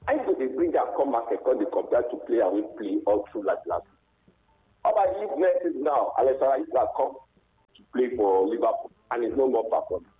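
A man's voice: mid-range voice, very animated, a little fast, a little hiss or hum. A man with a Nigerian Pidgin accent calling into a sports radio show, questioning and argumentative, over a phone line. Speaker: caller.

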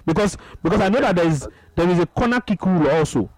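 A male radio host runs a football phone-in, his voice bouncing through a very lively, slightly high register. He leans on repetition to drive his points home. The studio sound is dry and close. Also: quick pace, dry recording, low-quality recording. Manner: animated, repeats phrases for emphasis. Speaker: radio sports show host. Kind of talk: sports phone-in radio talk.

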